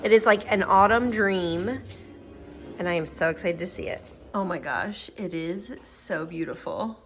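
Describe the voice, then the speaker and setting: A woman's voice: lowish voice, unhurried, fairly bright tone, faint music behind. A woman in her thirties chatting casually to the camera at home as a family vlogger, gushing and talkative while she tells her kids what comes next. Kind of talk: casual vlog chat.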